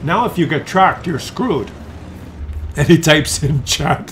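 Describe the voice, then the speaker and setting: A man's voice: a little high, animated, takes it slowly, a bit bright, a little hiss or hum. A man giving casual, chatty commentary on a tank game replay, teasing the player and chuckling with viewers.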